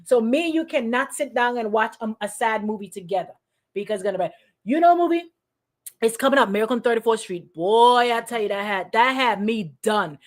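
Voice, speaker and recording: A woman pastor giving a lively, conversational sermon, calling on congregants by name and often restarting her sentences. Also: fairly high pitch, brisk. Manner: animated, lively, acts out quoted voices, addresses congregants by name; frequent restarts and repetitions.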